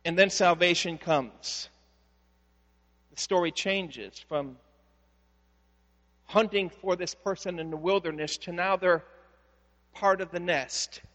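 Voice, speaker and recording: A man preaching a sermon as pastor, telling stories in a conversational way with frequent restarts, then building to slow, emphatic declarations. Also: high-pitched, a bit bright. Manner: conversational storytelling with repeated word restarts. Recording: long hall reverb.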